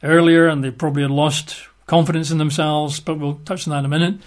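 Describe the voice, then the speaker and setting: A man's voice: on the high side, little pitch movement, fast talker. A middle-aged man teaching from the Bible in a chatty, hesitant way, full of fillers. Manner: chatty and hesitant, many fillers and 'sort of'. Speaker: preacher.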